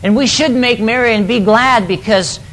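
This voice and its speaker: A man voicing a loving, forgiving father in a retold parable, speaking gently and reassuringly. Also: extremely high pitch, normal speed, a little hiss or hum. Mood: tender.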